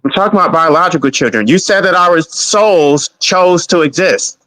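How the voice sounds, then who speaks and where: A man's voice: a little high, normal speed, fairly bright tone, dry recording, poor audio. A man on a live panel, pressing his questions in a pointed, questioning way. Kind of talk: casual live panel discussion.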